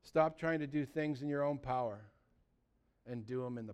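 Smooth-voiced animated male preacher. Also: medium pitch, moderate pace. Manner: animated storytelling, acting out voices, swinging from loud to quiet. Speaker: pastor. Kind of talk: sermon.

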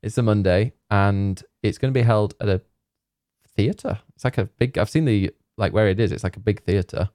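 Low, mellow-voiced man rambling casually. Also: normal speed, no echo, studio quality. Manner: rambling, laughs often, many fillers. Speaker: podcast co-host. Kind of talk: casual chat.

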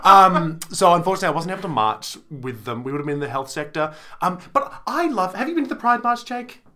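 A man's voice: sits high, big pitch swings, fast, bright, forceful tone. A young man co-hosting a casual podcast chat, rambling and giggling, slipping into playful silly voices. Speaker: podcast co-host.

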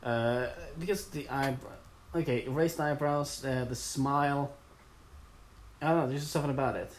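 A man's voice: mid-range voice, steady tone, moderate pace. A man with a mid-range voice trades sarcastic jokes in loose, casual chat. He swears often and reacts with blunt enthusiasm. Faint background noise sits under the recording. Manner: sarcastic, profane, joking. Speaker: co-host reviewing a comic.

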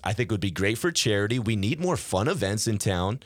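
A man hosting a radio show who talks in an animated, boastful way. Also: lowish voice, fairly quick, no room sound, clean studio sound. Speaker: radio host. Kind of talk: casual radio chat.

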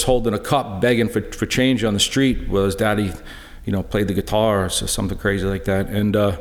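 A middle-aged man giving a personal testimony talk in a church, halting and earnest, full of restarts. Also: on the low side. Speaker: lay speaker sharing a personal witness. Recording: echoey church hall.

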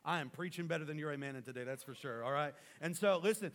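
A man preaching a sermon as pastor, swinging between loud rallying calls and quiet, intimate stretches. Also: on the high side, fast, few pauses.

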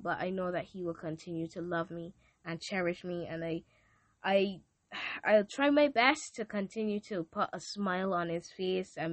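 A woman with a voice on the low side gives a casual thank-you to her podcast listeners, emotional and devout, often repeating herself. No room sound is audible.

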